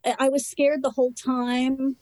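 A woman speaks candidly about her own past with a guest's earnest openness. Her voice sits on the higher side, and the phrases come short and halting. The sound is close and dry, with no room around it. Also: little pitch movement, a little mellow, dry recording, low-quality recording. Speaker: interview guest. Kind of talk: personal recovery story in conversation.

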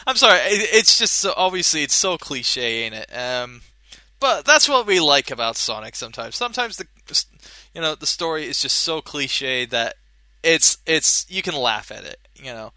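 A young man hosting a casual solo podcast, rambling and animated, swearing casually and laughing at his own jokes. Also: on the high side, normal speed, dry recording. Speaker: podcast host.

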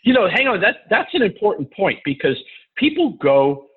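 A man hosting an interview, chatty and quick to jump in with his own asides. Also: sits high, very animated, slightly rough. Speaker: interview host. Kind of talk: casual interview talk. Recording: tinny phone-like line.

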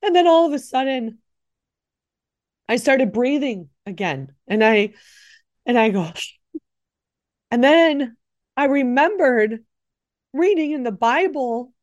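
A woman's voice: on the high side, animated, slow pace, long pauses, dry recording, dull audio. A middle-aged woman hosting a podcast, telling a personal faith story in a rambling, emotional way with many self-corrections. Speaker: podcast host, nurse.

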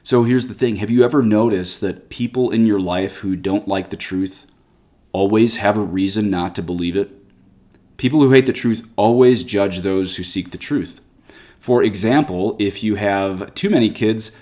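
A man's voice: on the low side, normal speed, a little mellow. A man who is a Catholic priest, giving a conversational scripture commentary, reading quotations aloud and then explaining them in an earnest way.

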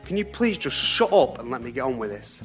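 Casting: man as a bossy, snappish New farm podcast host, bright sharp voice, faint music underneath. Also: a little high, expressive, moderate pace. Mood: exasperated. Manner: exasperated, snapping insults. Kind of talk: scripted comedy sketch.

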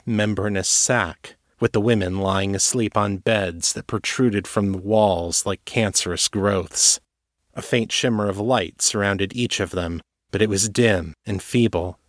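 A man giving measured, scripted narration of a story. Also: lowish voice, dry recording, studio quality.

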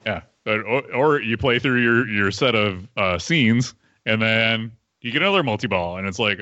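Bright man on a dull lo-fi line. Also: fairly low pitch, animated, normal speed, dry recording. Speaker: podcast guest. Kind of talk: casual chat.

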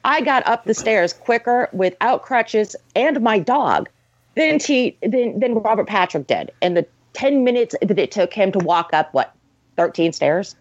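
A woman's voice: mid-range voice, sing-song, measured pace, no echo. Woman co-host tearing into a film, sweary and scornful, lo-fi dry podcast audio. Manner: ranting, profane, mocks scenes in put-on voices. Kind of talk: casual podcast film review. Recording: dry, dull lo-fi sound.

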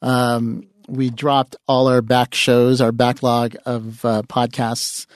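A man's voice: medium pitch, flat delivery, takes it slowly, dry recording. A man hosting a podcast in a studio, chatting loosely with his guests and laughing often. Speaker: podcast host. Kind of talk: casual podcast chat.

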